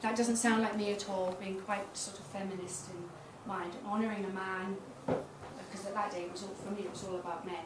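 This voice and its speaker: Her mid-range voice moves a little fast, with fairly even intonation and few pauses, as this frank, self-mocking middle-aged woman gives a public talk. A tantra massage teacher, she tells candid stories at her own expense and laughs often. The small event space sounds roomy and noisy, and the mic picks her up from a distance.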